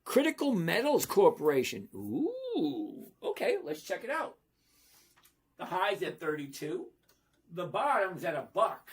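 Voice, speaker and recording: A man hosting a casual livestream, talking slowly and emphatically and often checking in with "okay?". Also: sits high, very animated, breathy edge. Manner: slow, emphatic, repeats "okay?" to check understanding. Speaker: livestream host answering viewer questions. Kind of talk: casual livestream chat about stocks.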